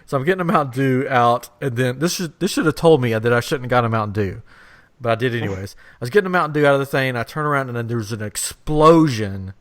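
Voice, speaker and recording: A man's voice: medium pitch, lively intonation, quick pace, a bit bright. A man hosting a podcast, telling a rambling funny story in a casual chat and laughing as he goes. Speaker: podcast host.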